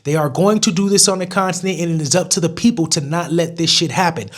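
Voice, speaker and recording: A man's voice: on the high side, fast talker. A young man ranting bluntly to camera in a casual vlog, swearing freely. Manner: blunt and profane, with mocking put-on voices. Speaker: vlogger. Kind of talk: casual opinion rant to camera.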